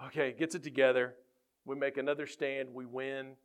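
A middle-aged man, a football coach, tells faith stories to a room with lively energy, his voice sitting in an ordinary middle register. He gets loud and punchy whenever he acts out what people said. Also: mid-range voice, moderate pace, smooth. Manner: animated, gets loud when acting out quotes. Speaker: high school football coach. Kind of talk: faith-based storytelling talk.

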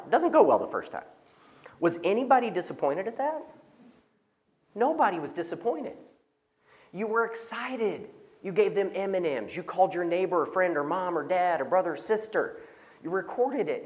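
A man giving an inspirational talk to agency workers, telling a story and acting out the reactions of the people in it. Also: a little high. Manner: animated, acts out quoted reactions. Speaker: speaker at a conference for social service agencies.

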